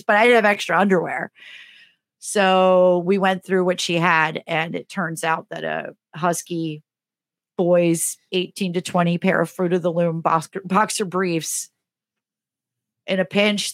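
Middle-aged woman with a slightly low voice who tells stories casually and acts out the voices; dry, close recording. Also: dry recording. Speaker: podcast co-host. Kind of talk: casual comedic storytelling.

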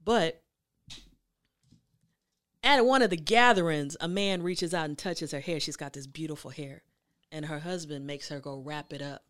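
Animated woman storyteller hosting a talk. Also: deep voice, moderate pace, pauses often. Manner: animated storyteller, chatty and emphatic. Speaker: host.

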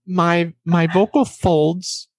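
A woman guest in a casual interview, telling quick anecdotes with a trained, deliberately raised voice and acting out what others said. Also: on the low side, steady tone, darkish tone, no echo, studio quality. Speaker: interview guest, former announcer and vocal coach.

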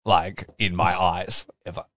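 Low-voiced man chatting, dry sound. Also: fairly even intonation, fairly bright tone, dry recording. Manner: laughs often, talks quickly when recapping. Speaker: podcast co-host. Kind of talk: casual wrestling podcast chat.

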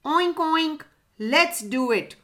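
A woman voicing a gentle young male pig in a children's story, longing and hopeful. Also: high voice, animated, slow, voice pushed up, heavily acted. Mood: happy. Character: wistful young male pig dreaming of flying.

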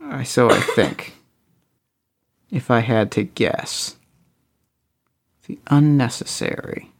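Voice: medium pitch, takes it slowly, gravelly. A player in an escape-room game who thinks aloud, restarts sentences and jokes at their own expense. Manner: restless restarts, self-mocking.

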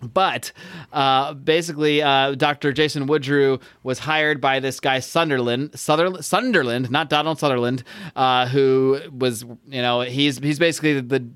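A man co-hosting a podcast, recapping a comic book in a relaxed, rambling way. His voice is smooth and clear, recorded dry and close. He stops to correct himself and jokes as he goes. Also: medium pitch, moderate pace, dry recording. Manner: rambling, self-correcting, jokey. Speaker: podcast co-host. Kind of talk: casual comic book discussion.

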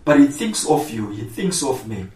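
A man's voice: medium pitch, very animated, moderate pace, a little mellow. A male pastor preaching a sermon, emphatic and repetitive, with rising outbursts. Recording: echoey room, voice from far off the mic.

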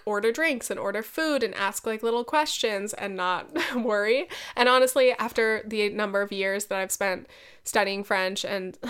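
A young woman hosts a solo podcast in a clear, resonant, fairly bright mid-range voice. She chats casually, using plenty of fillers, swearing, and laughing often.

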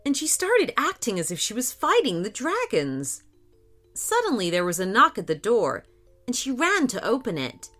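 A woman telling a children's story in slow, expressive storybook narration. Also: on the high side, faint music behind. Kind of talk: scripted narration.

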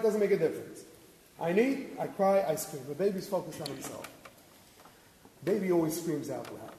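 High-voiced rabbi guy, earnest sermon, boomy hall echo. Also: mellow. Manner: earnest, explains with rhetorical questions and Hebrew quotes. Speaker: rabbi giving a Torah talk. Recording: echoey hall with faint noise.

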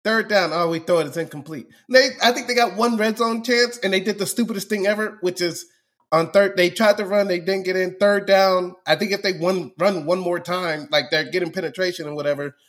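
Guy on a podcast mic, high voice, rants and laughs a lot. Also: fairly quick. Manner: animated, ranting, laughs often. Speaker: podcast co-host. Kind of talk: casual chat.

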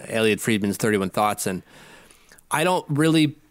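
A man co-hosting a casual sports podcast, chatty and quick to laugh. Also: lowish voice, lively intonation, no room sound. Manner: chatty, laughs easily, quizzing his co-host. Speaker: podcast co-host.

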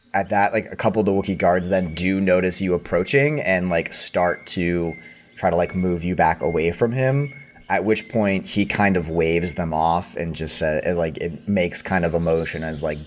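A man's voice: deep voice, unhurried, slight background noise. A man narrating as game master, hesitant and full of fillers.

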